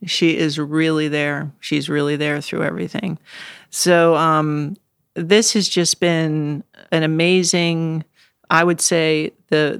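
A woman's voice: low voice, clean tone, no echo, clean studio sound. A middle-aged woman in a casual interview, talking in an earnest, reflective way and now and then laughing or getting choked up. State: choked up at times. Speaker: interview guest.

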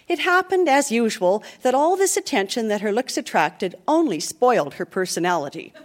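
A woman reads a twisted fairy tale aloud to a live theatre crowd in a mock-solemn, theatrical way. Her voice sits high and swoops animatedly through each sentence, with a show host's ease on stage. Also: very animated, brisk. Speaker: podcast host reading aloud. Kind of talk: live comic dramatic reading.

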